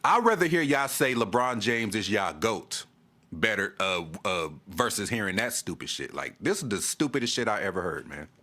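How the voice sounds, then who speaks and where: A man's voice: fairly low pitch, sing-song, moderate pace, pushed and bright. A man vlogging a fan rant, exasperated, repeating himself and stammering as he restarts. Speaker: sports vlogger. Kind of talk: ranting fan commentary to camera.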